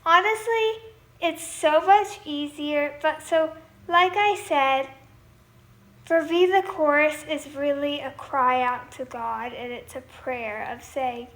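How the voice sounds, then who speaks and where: A woman's voice: sits high, steady tone, slow. A young woman singer chatting casually on a livestream, thanking viewers and now and then singing lines from her song. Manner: chatty, reads viewer comments aloud and thanks them.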